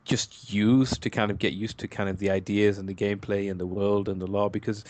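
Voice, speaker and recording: A man's voice: lowish voice, flat delivery, a little fast, darkish tone. A man from England chatting casually on a podcast, hedging a lot with filler phrases. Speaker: podcast co-host. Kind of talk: casual chat.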